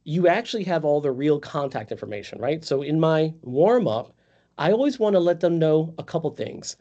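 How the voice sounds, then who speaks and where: Brief: upbeat male sales trainer, slightly high voice, lo-fi video call audio. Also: quick pace. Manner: energetic, conversational, calls on trainees by name. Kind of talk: live virtual sales training.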